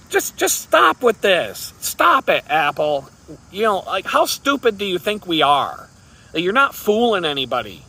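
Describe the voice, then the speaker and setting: Male vlogger, sarcastic rambling rant, bright forceful tone, slightly high pitch. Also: slight background noise. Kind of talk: casual rant to camera.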